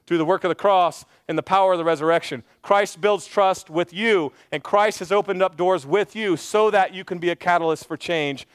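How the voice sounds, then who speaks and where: Male pastor, sermon delivery, earnest and chatty, high clear voice. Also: dry recording, clean studio sound. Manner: earnest, conversational preaching with quick asides and repeated phrases. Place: church stage.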